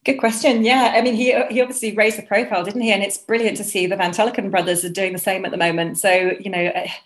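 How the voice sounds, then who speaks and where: A woman's voice: mid-range voice, steady tone, quick pace. A woman, a doctor talking as a podcast guest, earnest and reflective, often ending her points with tag questions. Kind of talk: casual conversational chat.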